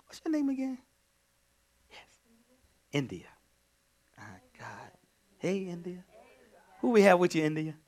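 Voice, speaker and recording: A male pastor delivering a sermon, dropping to hushed whispers and then rising to shouted cries of praise. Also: high voice, huge pitch swings, unhurried, long pauses. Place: church sanctuary.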